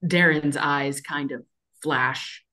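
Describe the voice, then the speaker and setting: Female player, very low voice, loose and lively. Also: slow pace. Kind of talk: casual play with in-character speech.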